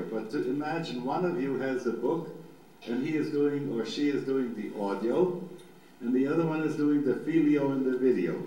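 A man in his seventies, a rabbi giving a lecture, guiding listeners through meditation and reading scripture in a gentle, unhurried way. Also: medium pitch. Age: 70s. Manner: gentle, unhurried guidance with drawn-out pauses. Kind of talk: guided meditation teaching and slow scripture reading. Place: large lecture hall. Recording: very echoey hall recording with faint background noise.

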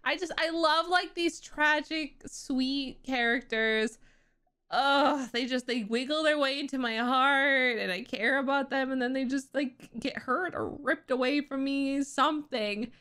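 A young woman vlogger talking through her reaction to a show, emotional and half-laughing as she works through her upset. Her voice sits high and she speaks slowly, pausing as she thinks aloud. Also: bright, forceful tone.

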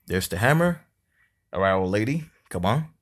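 Low-voiced man grumbling through a game. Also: sing-song, moderate pace. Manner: exasperated, grumbling and cursing at the game; taunts the game enemy mockingly. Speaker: mobile game player. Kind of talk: casual let's-play commentary. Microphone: phone screen-recorder mic.

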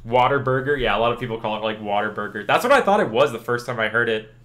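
A young man from Louisiana fires off words rapidly in a voice on the low side while streaming. Casual and chatty, he rambles, responds to chat questions, and uses "like" a lot.

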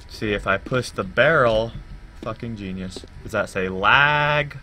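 A man doing horror game let's play commentary, babbling and swearing when scared and jumping to loud, high yelps. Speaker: gaming YouTuber. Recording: steady background noise.

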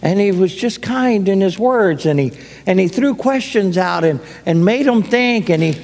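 High-ish voiced guy preaching slow, folksy stories, lots of hall echo. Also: expressive, gravelly, a little mellow. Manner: folksy storytelling, acts out quotes. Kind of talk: sermon. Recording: long hall reverb.

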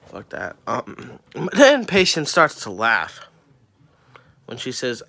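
A teenage boy vents in a heated, profane rant, swearing at nearly every turn. His voice sits in a middle pitch and comes out bright and forceful, full of exasperation. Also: huge pitch swings, slow, creaky. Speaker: student venting on camera. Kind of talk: angry ranting vlog.

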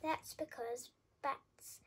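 A woman voicing a calm, patient mother mouse in a storybook. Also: high voice, very slow, heavy background noise.

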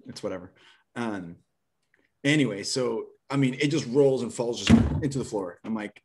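A young man from Nebraska, a podcast guest, telling an animated, rambling story full of "like" and restarts. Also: medium pitch, moderate pace, crowd noise. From Nebraska, USA. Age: young adult. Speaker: podcast guest, door-to-door book seller.

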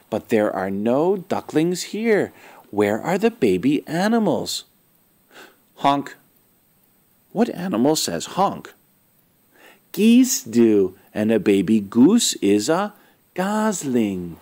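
Slow, lively man reading to kids. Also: mid-range voice. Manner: asks the listeners questions, sounds out animal noises. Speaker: storyteller for children. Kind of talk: reading a picture book aloud to kids.

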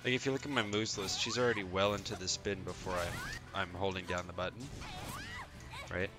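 A man giving a casual fighting game tutorial, explaining moves in a relaxed way with frequent "um" and "right?" asides. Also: deep voice, a little fast, music in the background.

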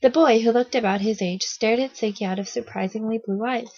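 Husky-voiced woman reading a children's book. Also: a little high, fairly quick, dry recording. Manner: steady storytelling, small slips. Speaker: reader, narrator. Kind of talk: reading a children's novel aloud. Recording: dull lo-fi recording.

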